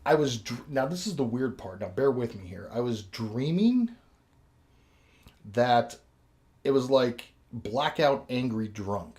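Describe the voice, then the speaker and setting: A man's voice: mid-range voice, expressive, slow, darkish tone. Profane rambling podcast host, man. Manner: profane, rambling, laughs through his own story. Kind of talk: casual storytelling chat.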